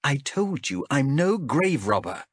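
A man's voice: mid-range voice, big pitch swings, measured pace, slightly rough, dry recording, studio quality, voice pushed up. A male narrator voicing a stubborn young woman explorer who speaks earnestly and defensively in a raised voice. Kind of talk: audiobook character voice.

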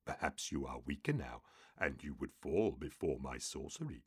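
A man voicing an ancient, wizened two-headed demon oracle, speaking in a low, measured hiss. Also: expressive, darkish tone, breathy edge, no echo, studio quality, full character voice. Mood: ominous. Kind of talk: audiobook character voice.

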